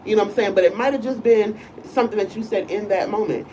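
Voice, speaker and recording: A woman's voice: medium pitch, fast talker, mellow, slight background noise. A woman co-hosting a casual live-stream chat, talking loosely and often asking "you know what I'm saying". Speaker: co-host and school teacher. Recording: voice a bit far from the mic.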